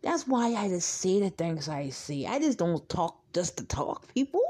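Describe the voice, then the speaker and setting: With a lowish, mellow, husky voice, this podcast host sounds very animated, keeping a moderate pace with few pauses. Her casual monologue is aimed right at her listeners, rambling, blunt, outspoken, and full of free swearing.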